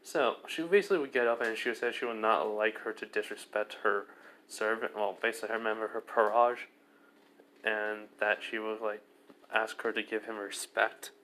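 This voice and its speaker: Lower-voiced man rambling through a fan story. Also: fairly even intonation, moderate pace, a bit bright, slight background noise. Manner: rambling, many fillers and restarts. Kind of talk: casual fan-fiction storytelling.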